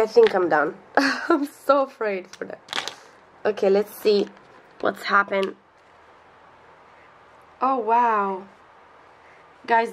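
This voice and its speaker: A young woman with an Italian accent, an artist chatting excitedly through an unboxing vlog, gasping and giggling often in non-native English. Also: medium pitch, a little hiss or hum. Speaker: artist reviewing art supplies.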